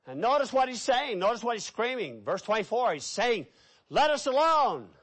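A middle-aged man preaching a sermon, telling stories with lively, animated delivery. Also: high-pitched, a little fast. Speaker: pastor.

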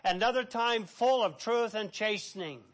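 A man with a high voice preaching a sermon from the pulpit. He reads scripture aloud and acts out quotes with dramatic swings between soft and strong. His delivery is earnest and preachy. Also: moderate pace. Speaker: pastor.

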